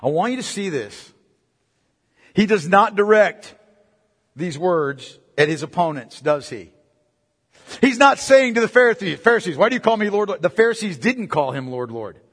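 A man's voice: sits high, sing-song, a little slow, breathy edge, big-room sound. A man preaching a sermon as pastor, emphatic, putting repeated questions to the congregation. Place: church hall.

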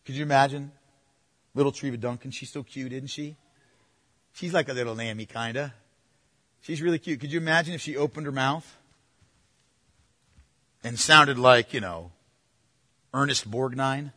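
A man preaching a sermon, moving between forceful proclamation and hushed, playful asides to the congregation. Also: mid-range voice, normal speed, pauses often, big-room sound. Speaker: pastor.

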